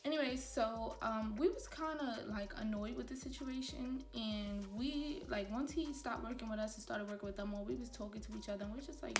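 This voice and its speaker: A young woman telling a storytime to her viewers while doing her makeup, animated and talking straight to them. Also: fairly high pitch, brisk, hardly any pauses, echoey room, recorded from a distance, over music. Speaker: beauty vlogger.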